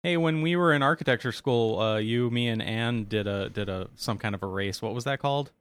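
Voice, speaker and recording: A man in casual chat, cracking dry, deadpan jokes. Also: medium pitch, fairly quick, clear, resonant tone.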